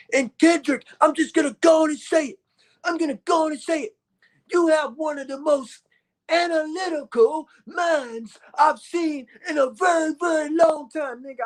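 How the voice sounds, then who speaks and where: A man delivering a boastful, profane vlog rant, repeating his lines for emphasis. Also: sits high. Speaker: vlogger. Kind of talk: ranting vlog monologue.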